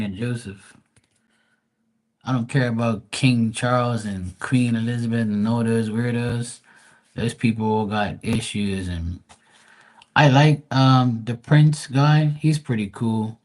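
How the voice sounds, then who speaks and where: A man's voice: mid-range voice, darkish tone, rough recording. A man with a Bermudian accent, rambling and chatty as he talks casually with viewers on a live tarot stream, swearing now and then.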